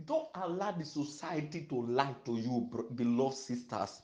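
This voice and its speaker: A man, an evangelist giving sermon-style counsel, emphatic and repetitive, rising to loud peaks. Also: mid-range voice, animated, moderate pace, few pauses, roomy sound, dull audio.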